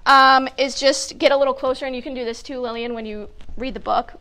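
A high-pitched woman leads a children's story time with bouncy, encouraging energy. She laughs easily and cheers the kids along while sitting on the floor, her voice caught close on a clip-on mic. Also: fairly even intonation, a little fast, pushed and bright, clean tone. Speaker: family educator hosting children's story time. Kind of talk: upbeat instructions for young children. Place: sitting on a hard floor indoors. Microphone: clip-on mic with wires.

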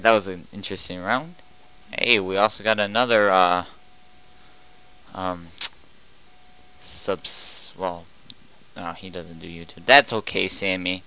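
Young male gamer commentator, smooth clear voice, unhurried, flips from mutters to panicked yells. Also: lowish voice, poor audio. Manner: jumps between quiet muttering and loud panicked yelling. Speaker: gaming commentator. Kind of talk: excited gameplay commentary.

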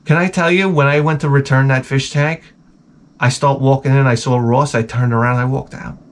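A man's voice: medium pitch, steady tone, moderate pace. Profane rambling man telling stories. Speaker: podcast host. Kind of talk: crude comedic storytelling.

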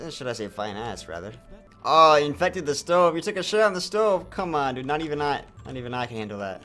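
A young man giving comedic, joking commentary over a video game, often breaking into loud sworn outbursts. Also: a little high, sing-song, brisk, faint music behind. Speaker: gaming YouTuber.

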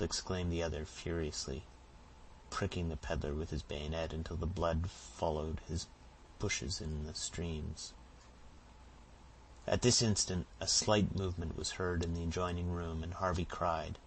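Deep-voiced male audiobook narrator. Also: little pitch movement, a little slow, slight background noise, low-quality recording. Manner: dramatic reading, raising voice for shouted lines. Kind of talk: scripted narration.

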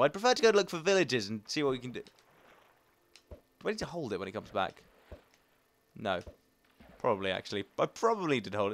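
A man's voice: medium pitch, fairly bright tone, no room sound. A young man giving chatty, self-mocking commentary while playing a game, talking to himself as he goes. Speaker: gaming channel host. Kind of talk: casual let's play commentary.

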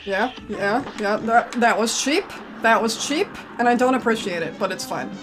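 A woman commentates a video game in a let's-play, grumbling in exasperation and erupting in sudden outbursts. Her voice is fairly high at a normal speed, with a noisy background.

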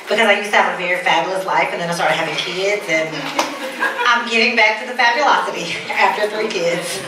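A woman's voice: medium pitch, a little fast. A woman from Mississippi introducing herself on a panel, upbeat and promotional. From Vicksburg, Mississippi. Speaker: panelist, blogger. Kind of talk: panel discussion. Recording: echoey room, crowd noise, far mic.

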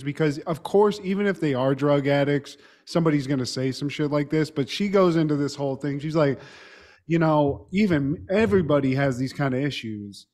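A man with a slightly raised pitch talks through a sitcom episode in a loose, chatty way. He jumps in and out of the characters' lines as he tells it and swears now and then. This is relaxed podcast co-host talk. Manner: relaxed storytelling, quoting characters, mild swearing. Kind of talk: casual chat recapping a TV episode.

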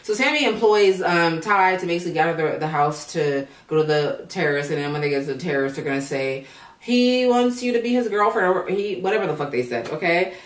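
A woman's voice: low-pitched, fast talker, few pauses. A woman recapping a reality show in blunt, profane casual commentary, sounding tired and drowsy. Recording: roomy echo, voice far from mic.

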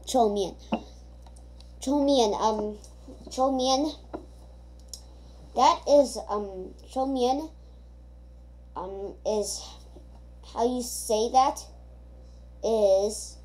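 A woman's voice: medium pitch, mellow. A woman giving casual gameplay commentary, rambling and thinking aloud with many hesitations. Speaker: gamer.

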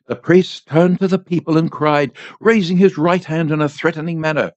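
A man narrates a short story in a measured, expressive reading voice that sits high for a man. He records in a home studio with a dry, close sound. The audio is slightly dull. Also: no room sound. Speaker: volunteer reader.

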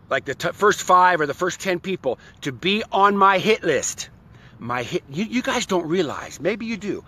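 A man's voice: high-pitched, a bit bright. A man hosting a live stream for his online community, talking to followers in a playful, exuberant, rambling way and breaking into silly songs. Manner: rambling, many restarts, greets viewers by name. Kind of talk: live-stream chat to followers with sung bits.

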